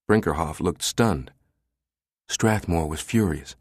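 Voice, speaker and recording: A man reading a thriller audiobook in a measured, even storytelling manner. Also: sits low, dry recording, clean studio sound. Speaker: audiobook narrator. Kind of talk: scripted thriller narration.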